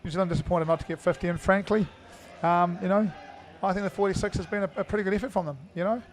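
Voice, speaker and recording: A man's voice: sits high, steady tone, fast talker. A middle-aged man giving live indoor cricket commentary, chatty and full of fillers as he thinks aloud.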